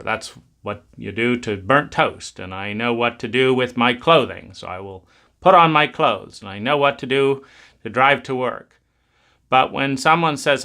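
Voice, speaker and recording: Musing in a conversational way, a man delivers a reflective spoken talk about adulthood in a self-help vein, voicing his inner thoughts as he goes. He has a mid-range voice with a bright, forceful tone.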